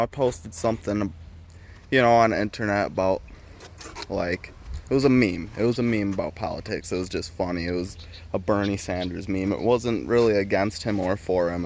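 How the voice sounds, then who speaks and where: A man with a lowish voice rants heatedly into his camera, packing nearly every sentence with swearing. He rambles and restarts his thoughts as he goes, with a faint hiss behind him. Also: moderate pace. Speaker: vlogger. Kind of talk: profane opinion rant.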